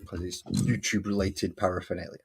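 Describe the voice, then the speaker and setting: Husky man hosting a hobby stream. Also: deep voice, little pitch movement, fairly quick. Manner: rambling, self-correcting. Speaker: livestream host. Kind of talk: casual livestream chat while crafting.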